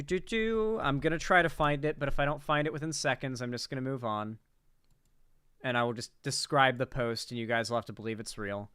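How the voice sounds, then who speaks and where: A man's voice: on the high side, pushed and bright, clear, resonant tone, no room sound, studio quality. A man streaming casual political reaction commentary, rambling and swearing with incredulous asides.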